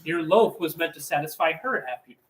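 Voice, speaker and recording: A man's voice: on the high side, moderate pace, natural voice. A man voicing a timid young female lizard maid in a flustered, demure way, read aloud in an echoey room with people around. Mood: coy. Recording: echoey room with crowd noise.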